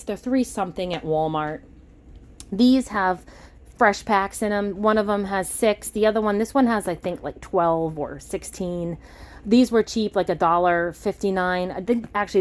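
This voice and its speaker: Showing off a grocery haul, this middle-aged woman vlogger speaks at a medium pitch in a Massachusetts accent. Her tone is casual, and she lights up over the good deals.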